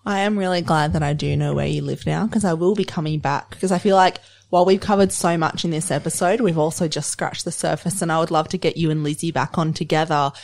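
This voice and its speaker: A woman's voice: low voice, fairly even intonation, fast talker, creaky, hardly any pauses, a little mellow. A woman hosting a podcast interview, chatty and playful, given to teasing her guest. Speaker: podcast host.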